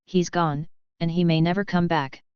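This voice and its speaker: A man's voice: on the high side, fairly even intonation, normal speed, smooth, no room sound, close to an everyday voice. A woman voicing a weary, resigned man in an audiobook, speaking with a sigh. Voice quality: sighing, resigned. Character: weary male elder, resigned. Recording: dull lo-fi dry audio.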